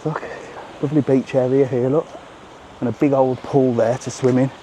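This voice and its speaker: Slight background noise accompanies this middle-aged travel vlogger, whose mid-range voice moves at an ordinary pace. He strolls outdoors around a hotel resort giving a chatty live tour to his phone camera, animated throughout and repeatedly urging "look".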